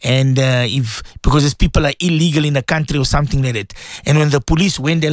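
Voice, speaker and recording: A man hosting a live radio show, talking earnestly to his listeners, repeating himself and breaking into animated quoted voices. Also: on the high side, fast talker, dry recording, clean studio sound. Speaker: radio show host and religious teacher.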